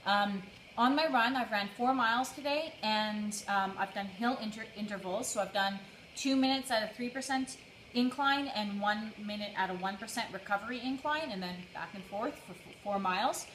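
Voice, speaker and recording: On an indoor treadmill, a young woman training for a charity run hosts a livestream, out of breath and casually greeting viewers by name. Her medium-pitched, fairly bright voice keeps a moderate pace, and the echoey room carries faint noise.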